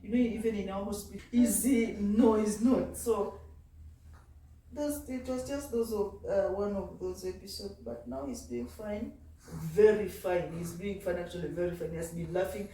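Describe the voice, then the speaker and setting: Chatting casually for her home vlog, this mother sounds tired and pauses to speak to her baby. Her medium-pitched voice has a dark tone and a normal speed, captured from afar in an echoey room.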